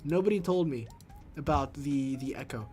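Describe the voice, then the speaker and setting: A young man in his twenties chatting casually on a stream and reading chat aloud. He is excitable and swings from low mutters into loud shrieks. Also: moderate pace, slightly rough, faint music behind. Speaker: VTuber streamer.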